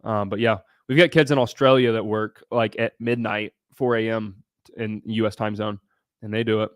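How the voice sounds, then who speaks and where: A man's voice: fairly low pitch, steady tone, moderate pace. Blunt, profane man streaming live. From United States (Ohio). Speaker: livestream host. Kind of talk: casual livestream Q&A.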